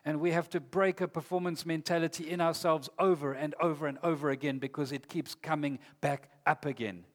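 A man's voice: on the high side, fairly even intonation, brisk, hardly any pauses. A man preaching a sermon in an earnest, emphatic way, reading scripture aloud. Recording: long hall reverb.

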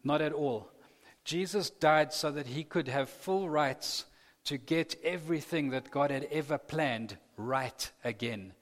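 A man's voice: fairly high pitch, measured pace. A man preaching a sermon, earnest and building to impassioned emphasis. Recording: long reverb of a large hall.

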